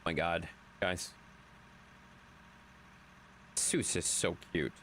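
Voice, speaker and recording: Man, game streamer, bright voice, faint background noise, casual chat. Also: low voice, fairly even intonation, very slow. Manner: chatty, reads chat aloud, swears for effect.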